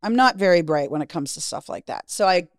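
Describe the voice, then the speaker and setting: Speaking briskly in a lowish, expressive voice, a woman in her fifties recounts her story as an interview guest. She's blunt, curses liberally, and imitates what others said, in a dry, studio-quality recording.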